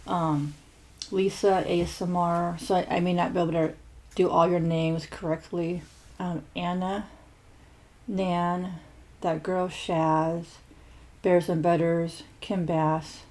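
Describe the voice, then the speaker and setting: Female food-channel host, casual and chatty, low-pitched with a gravelly edge. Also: darkish tone. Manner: chatty, many fillers and restarts. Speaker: mukbang host. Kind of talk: casual chat reading viewer shout-outs.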